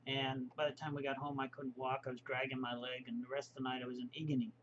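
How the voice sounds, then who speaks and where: A man's voice: mid-range voice, flat delivery, fast talker, highs cut off, background noise. A middle-aged man talking in a rambling, folksy, opinionated way, vlogging from his home. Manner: chatty, opinionated, folksy asides. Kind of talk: casual rambling monologue.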